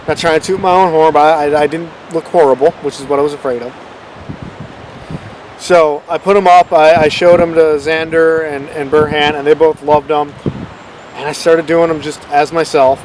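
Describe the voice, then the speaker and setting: A man's voice: fairly high pitch, fairly even intonation, moderate pace, slight background noise, rough recording. A man hosting his own channel, rambling in a casual, self-deprecating way about how his videos came about. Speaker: channel host. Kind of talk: casual unscripted vlog rambling.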